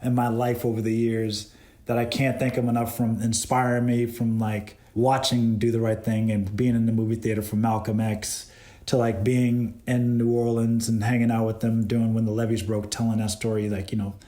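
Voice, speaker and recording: Animated man telling stories. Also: mid-range voice, normal speed. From Boston. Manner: animated, laughing, retells exchanges. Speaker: cinematographer guest. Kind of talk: casual storytelling interview. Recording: roomy echo.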